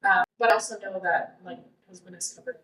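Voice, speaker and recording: A woman's voice: medium pitch, fairly even intonation, fast talker, sharp tone. Woman, interview guest, rambling, distant mic, roomy. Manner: rambling, with many restarts and fillers. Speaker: guest, cancer survivor. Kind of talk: casual conversational interview.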